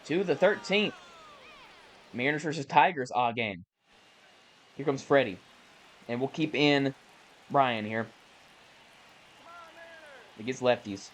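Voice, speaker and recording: A man casually calling the plays of a baseball video game he is playing, chatty and self-correcting, with bursts of excitement on big plays. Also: mid-range voice, takes it slowly, long pauses, slight background noise, low-quality recording. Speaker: gaming YouTuber. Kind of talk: casual play-by-play while gaming.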